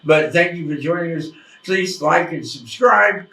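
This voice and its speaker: A man hosting a casual interview, folksy and self-deprecating, a little hoarse from a cough. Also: a little high, a little slow, bright, forceful tone, soft background music. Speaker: host. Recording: echoey room, mic at a distance.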